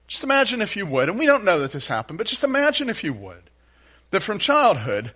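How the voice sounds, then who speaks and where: A man preaching a sermon in a folksy, animated storytelling manner with playful asides. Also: sits high, fast. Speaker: pastor.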